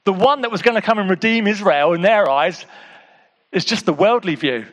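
Speaking at a moderate pace, a man preaches to his flock in a friendly, conversational way, his voice high and lifted. Quiet, almost whispered asides give way to emphatic outbursts, and he calls to the audience again and again. The large hall adds a long reverb tail to every word.

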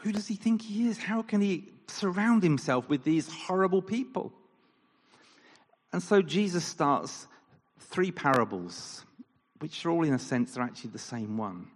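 A man preaching a sermon in an animated style, firing off rhetorical questions and acting out quoted lines. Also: on the high side, a little slow. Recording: long reverb of a large hall.

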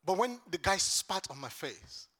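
A man's voice: high voice, very animated, unhurried, fairly bright tone. A man from Lagos preaching a sermon to a congregation, with an impassioned, repetitive preaching cadence. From Lagos, Nigeria.

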